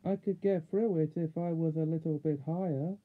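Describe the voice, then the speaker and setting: A man doing a brave schoolgirl, much higher voice, eager calling, phone-like sound. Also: steady tone, normal speed, close to an everyday voice. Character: brave schoolgirl, determined and quick.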